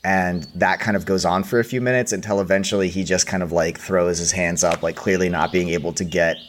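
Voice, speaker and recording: A man's voice: low voice, fairly even intonation, brisk, a little hiss or hum. A man narrating as game master, hesitant and full of fillers.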